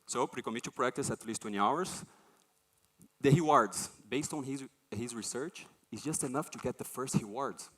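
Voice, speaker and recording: Conference speaker: a man, animated, acts out voices in his anecdotes. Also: medium pitch, moderate pace. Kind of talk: conference talk.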